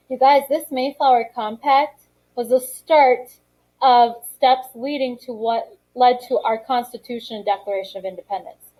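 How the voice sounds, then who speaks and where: A woman's voice: on the high side, steady tone, normal speed, dark tone, poor audio. A woman teaching a social studies lesson in a classroom, reading from a textbook and talking it through with students in a conversational, encouraging way. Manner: conversational and encouraging, calls on students, frequent fillers. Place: school classroom.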